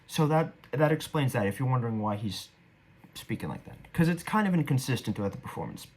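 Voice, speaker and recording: A young man talks through his own stage performance in a loose, rambling way. He is casual and a bit self-deprecating, and his voice sits at an ordinary middle pitch. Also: sing-song, fast, a little mellow, husky. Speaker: actor reviewing his performance. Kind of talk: casual commentary.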